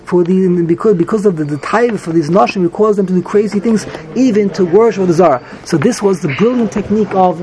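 Guy teaching a talmud class, higher voice, rattles off hebrew then explains, lots of restarts. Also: mellow, a little hiss or hum, poor audio. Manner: rapid, mixes Hebrew phrases with English explanation, frequent restarts.

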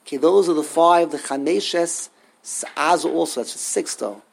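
A man's voice: a little high, moderate pace, gravelly. A man teaching a text study class, thinking aloud, repeating words and asking rhetorical questions.

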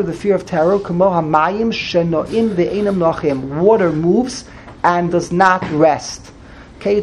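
High, gravelly man teaching scripture. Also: a little mellow, a little hiss or hum, rough recording. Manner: explains slowly, repeats phrases, translates each term. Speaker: Torah class teacher. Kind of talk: verse-by-verse text study.

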